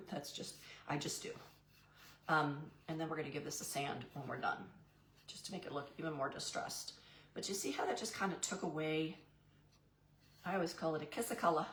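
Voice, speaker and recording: Woman craft-stream host, deep voice, folksy "y'all" chatter, echoey room. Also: normal speed, pauses often, a bit bright, slight background noise. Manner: chatty and goofy, answers live chat by name; says "y'all" to viewers. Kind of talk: live painting demo, chatting with viewers.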